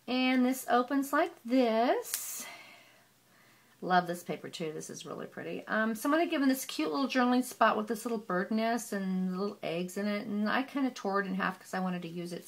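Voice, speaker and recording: A woman casually walking through a handmade scrapbook album, chatty and gushing, with frequent "um" pauses. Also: mid-range voice, animated, vocal fry. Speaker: papercraft hobbyist.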